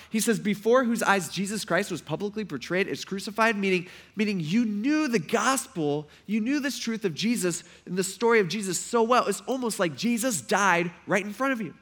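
A man preaching a sermon in a casual, animated way, acting out quotes loudly before a congregation. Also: sits high, moderate pace, few pauses. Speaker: pastor. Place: church hall before a congregation.

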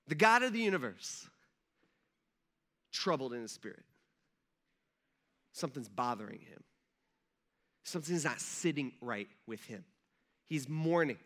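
Bright-voiced man preaching animatedly. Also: a little high. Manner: animated storytelling, acting out quoted voices. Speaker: pastor. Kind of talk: casual sermon.

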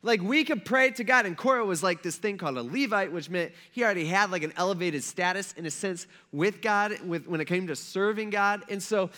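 High, bright, and forceful, this male pastor's voice moves a little fast with few pauses. He preaches a casual sermon through conversational stories, using "like" constantly and acting out what people said.

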